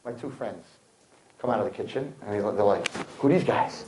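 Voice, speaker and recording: A man, a rabbi telling a story to a live audience in an animated sermon, acting out the people in it. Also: fairly quick, reverberant, noisy background. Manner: animated storyteller acting out quotes, swinging loud and high. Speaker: rabbi giving a talk to young people.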